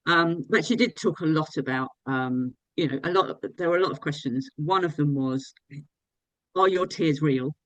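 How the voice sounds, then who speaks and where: A woman's voice: deep voice, moderate pace, dry recording, dull audio. Enthusiastic woman fan, dry close sound. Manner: enthusiastic, gushing. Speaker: fan being interviewed. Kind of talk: casual interview chat.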